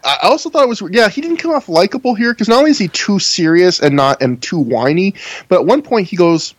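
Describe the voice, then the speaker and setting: A man's voice: sits high, lively intonation, a little fast, no room sound. A man co-hosting a casual podcast chat, wry and sarcastic, laughing often as he talks. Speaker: podcast co-host. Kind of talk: casual chat reviewing wrestling.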